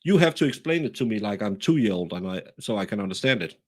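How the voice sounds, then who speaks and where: A man with a Danish accent, talking through a case in a casual, animated, self-deprecating way, often restarting his sentences. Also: lowish voice, fast talker. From Denmark. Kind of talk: casual true-crime discussion.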